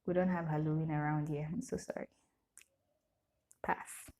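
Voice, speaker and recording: A woman's voice: deep voice, little pitch movement, normal speed, dark tone. Chatty Nigerian woman answering questions. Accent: Nigerian English. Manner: chatty, reads questions aloud then answers with frequent laughter. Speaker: vlogger. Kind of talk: casual Q&A chat to camera.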